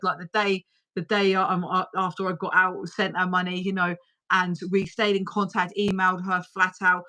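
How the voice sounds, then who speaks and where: A woman's voice: lowish voice, steady tone, a little fast, pushed and bright. A woman hosting a livestream and chatting casually, talking bluntly and swearing freely. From United Kingdom. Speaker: livestream host. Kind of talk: casual chat.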